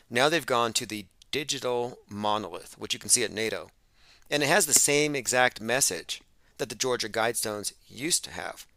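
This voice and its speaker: A man's voice: mid-range voice, lively intonation, moderate pace, pushed and bright, dry recording. A man hosting an open-phones radio show, talking in an emphatic, sarcastic monologue.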